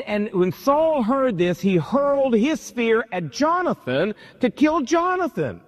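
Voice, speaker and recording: A man pastor preaching a sermon, retelling a story with animated, emphatic repetition, in a church hall. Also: high-pitched. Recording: long hall reverb.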